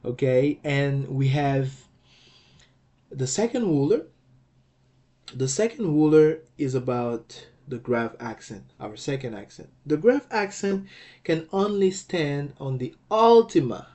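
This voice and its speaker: A man gives a patient lecture on a language lesson, taking his time. He speaks at a slow, deliberate pace, sounding out words syllable by syllable and pausing to ask "okay?" along the way. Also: mid-range voice, mellow. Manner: patient, repeats and checks with "okay?". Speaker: language teacher.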